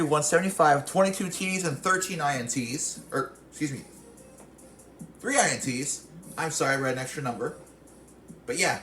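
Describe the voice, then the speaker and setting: A man's voice: on the high side, pushed and bright. A young man hosting a casual video game commentary, reading off rosters and stats and often correcting himself. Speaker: video game channel host.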